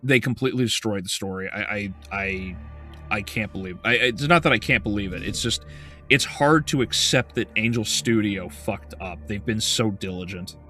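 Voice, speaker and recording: A man's voice: fairly low pitch, normal speed, bright, forceful tone, faint music behind. A male game streamer in casual livestream chat, ranting heatedly with profanity and frequent stumbling restarts.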